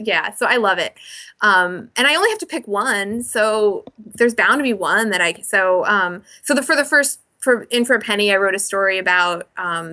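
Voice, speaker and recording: A woman's voice: medium pitch, bright, forceful tone. A woman author chatting as a podcast guest, enthusiastic and rambling with many fillers. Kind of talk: casual interview chat.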